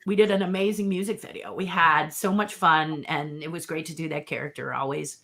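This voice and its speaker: A middle-aged woman puppeteer with a low, gravelly yet fairly bright voice tells stories as a guest in a casual interview. She speaks fairly quickly in a steady tone, acting out quotes and laughing often.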